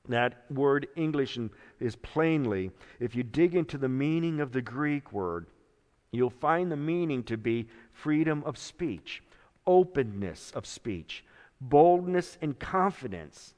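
A man preaching a sermon as pastor, slow and dramatic, moving from hushed words to loud ones. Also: fairly high pitch, big-room sound.

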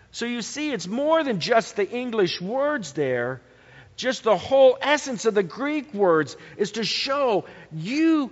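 Male preacher, unhurried and emphatic, dull lo-fi recording. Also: big pitch swings. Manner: slow, emphatic preaching with sweeping pitch swings. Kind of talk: sermon. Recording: dull lo-fi sound in a reverberant hall.

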